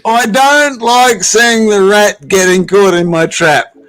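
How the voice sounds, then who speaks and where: A man rambling along at a slow, high pitch. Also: a bit bright. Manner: rambling, profane storytelling. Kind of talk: casual chat. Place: at home by his computer.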